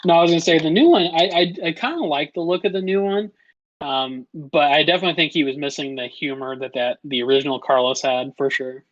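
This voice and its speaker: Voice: medium pitch, fast talker, dry recording. Laughing podcast co-host, dry dull sound. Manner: agreeable, laughs often, stumbling restarts. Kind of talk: casual chat.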